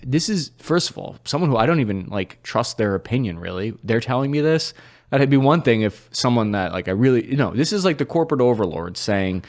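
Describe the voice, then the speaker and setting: A man's voice: medium pitch, lively intonation, a little fast. Candid man, a guest on a podcast. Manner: candid, self-conscious, laughs at himself. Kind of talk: casual podcast chat.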